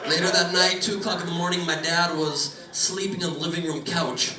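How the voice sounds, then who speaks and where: Young man, stand-up comic, lively storytelling, mic far off, loud laughter behind. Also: fairly high pitch, brisk, very noisy. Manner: animated, building to loud punchlines. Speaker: stand-up comedian. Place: comedy club stage. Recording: echoey club from a distant mic, loud crowd. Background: audience laughter.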